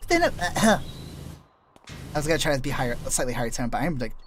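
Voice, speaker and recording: A man's voice: mid-range voice, rapid-fire. A male streamer rambling casually while he plays, trailing off and restarting often. He explains voice-acting tricks like a laid-back teacher, and his throat sounds dry and scratchy. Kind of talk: rambling gameplay stream chat.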